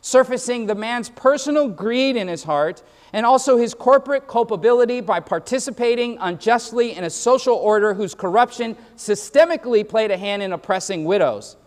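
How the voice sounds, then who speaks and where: A man's voice: very high-pitched, normal speed, few pauses, long reverb tail. A man pastor preaching a sermon with emphatic, repetitive phrasing and quoted asides, in a church sanctuary.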